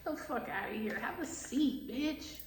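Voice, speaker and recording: A woman's voice: fairly high pitch, lively intonation, unhurried, roomy sound, a little hiss or hum, poor audio. A woman tarot reader ranting casually, profane and scornful, mocking people she disagrees with in quoted voices.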